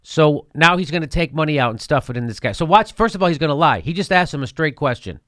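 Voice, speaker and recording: A man's voice: fairly high pitch, expressive, fast talker, a bit bright. A man hosting a show, giving heated political commentary, indignant and sarcastic, repeating his points with profanity. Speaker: host.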